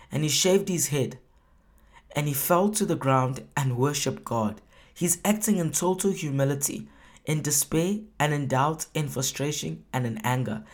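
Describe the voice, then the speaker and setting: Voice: mid-range voice, darkish tone. A preacher giving a sermon in an emphatic manner, asking rhetorical questions and acting out quoted prayers with feeling.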